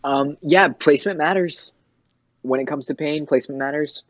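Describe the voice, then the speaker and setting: A man's voice: fairly high pitch, normal speed, no echo. A man, a tattoo artist, talking casually as a guest and swearing freely. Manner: laid-back, swears freely. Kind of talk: casual chat.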